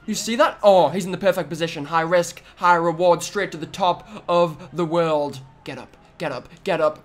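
A young man giving excitable let's-play commentary on a wrestling video game, trash-talking the opponent with sudden loud outbursts. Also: fairly high pitch, moderate pace, faint music behind. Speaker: gaming YouTuber.

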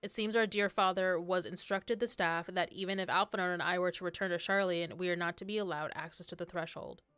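A woman's voice: lowish voice, steady tone, a bit bright, smooth, no echo, lightly acted. A woman reading as an earnest young noblewoman. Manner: halting read with stumbles. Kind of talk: reading game dialogue aloud.

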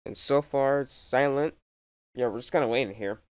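A man's voice: medium pitch, normal speed, darkish tone, clean tone, dry recording. A young man doing gameplay commentary from a room at home, rambling and jumpy with lots of exclamations. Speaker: gameplay video creator. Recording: game music playing under the voice. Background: game music.

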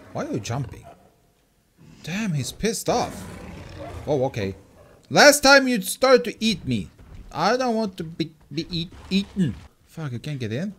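A gameplay commentator who gets excitable, shrieks and laughs often, swears casually and talks to the game creature. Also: medium pitch, husky. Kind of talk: let's play commentary.

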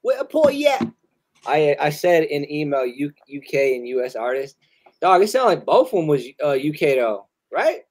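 Guy hosting a live music review, rowdy slangy talk, cussing a lot, kinda high voice. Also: expressive, normal speed. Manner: loud, slangy and profane, laughing often. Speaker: host reviewing submitted music. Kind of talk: casual live-stream chat.

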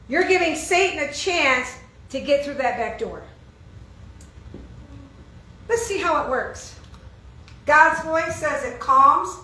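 Her voice is high-pitched, bright and forceful as she preaches casually, questioning the congregation and then answering with emphasis. She is heard from far off in an echoing room.

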